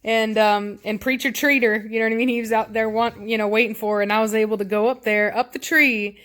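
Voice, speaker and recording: A woman's voice: on the high side, fairly even intonation, fairly quick, a bit bright. A woman, a dog breeder rambling through a casual story at home. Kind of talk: casual vlog chat. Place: home indoors with puppies.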